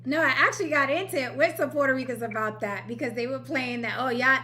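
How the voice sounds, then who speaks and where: A woman from New York hosting a casual livestream panel chat, blunt and quick to laugh, swearing freely. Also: high voice, sharp tone. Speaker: host.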